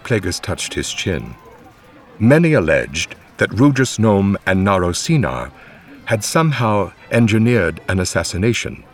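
A man narrating an audiobook in a dramatic scripted reading. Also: deep voice. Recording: faint music bed under narration.

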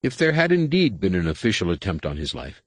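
Deep husky male audiobook narrator. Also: big pitch swings, a little fast, dry recording. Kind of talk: scripted narration.

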